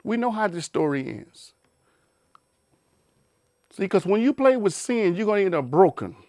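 A man's voice: high-pitched, very animated, moderate pace, a little mellow, dry recording, clean studio sound. A man giving an informal Bible talk, emphatic and repetitive, with rhetorical questions and many restarts. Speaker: Bible teacher.

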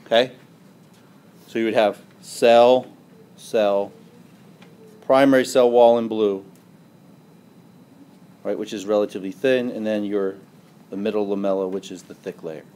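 A man lectures on biology to a class. He draws on the board as he goes, poses questions and then answers them himself. He keeps checking in with a steady "right?" and "okay?". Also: lowish voice, measured pace, long pauses, smooth. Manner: drawing on a board while explaining.

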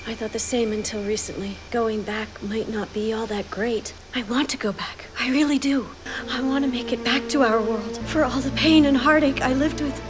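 A woman's voice: fairly high pitch, steady tone, moderate pace, lightly acted. An actress voicing an earnest, hopeful young woman who survives deadly games in a dubbed drama, heard as a clip under music. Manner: earnest, heartfelt.

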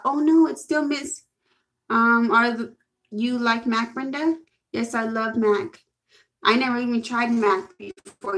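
A young woman with a slightly high voice hosts a casual live stream. She chats excitably, reading viewers' comments aloud and answering them as she goes. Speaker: livestream host.

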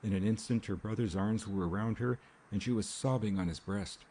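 A man reading an audiobook in a measured, even storytelling manner. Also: fairly low pitch, slight background noise. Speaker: audiobook narrator. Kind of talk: scripted narration.

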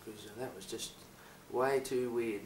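A man from Australia speaking in a hesitant, halting way, full of fillers and restarts. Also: medium pitch, steady tone, crowd noise. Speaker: improvising actor. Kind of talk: improvised confessional monologue. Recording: echoey room, voice distant from the mic.

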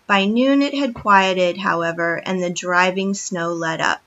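A woman reading a children's book chapter aloud with expressive, steady storytelling, in a dull lo-fi recording. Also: lowish voice, measured pace.

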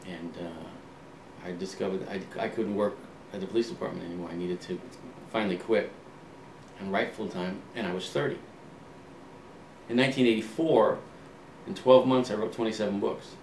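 A man in his sixties, an author being interviewed, telling relaxed anecdotes and acting out old conversations, with frequent ums and restarts. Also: fairly low pitch, moderate pace. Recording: roomy, distant mic, faint ambient hum.

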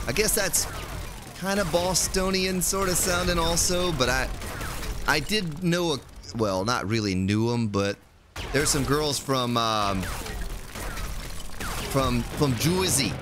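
A man's voice: a little high, takes it slowly, pauses often, music in the background. A man streaming a video game, chatting casually and rambling to his viewers. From United States. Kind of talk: casual live-stream commentary.

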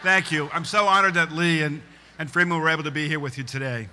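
Man, ceremony host, slightly high voice, off-script remarks, faint noise behind. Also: fairly even intonation, fast talker. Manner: warm, off-script asides between speakers. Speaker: college president hosting the ceremony. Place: large tent at an outdoor ceremony. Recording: long reverb under a large tent.

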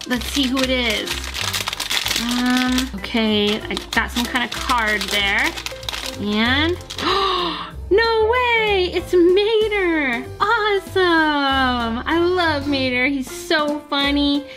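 High, slow, gushing toy unboxer woman. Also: lively intonation, music in the background. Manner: gushing, gasping, sweet and enthusiastic. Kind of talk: toy unboxing narration for children.

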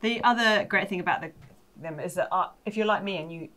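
A woman's voice: mid-range voice, a little fast, pushed and bright. A woman presenter in casual chat, explaining things in a chatty way and laughing easily.

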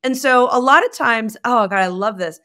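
A woman guest in a podcast conversation, speaking expressively and acting out bits of dialogue. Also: normal speed. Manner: expressive, acts out dialogue with shifting pitch. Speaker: guest, communication expert.

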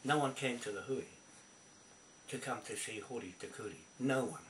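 A man's voice: medium pitch, moderate pace, fairly bright tone. A man ranting angrily at the camera, swearing constantly and confronting people by name. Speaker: video poster. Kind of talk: angry rant to camera. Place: indoors at a computer. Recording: roomy, distant from mic, faint background noise.

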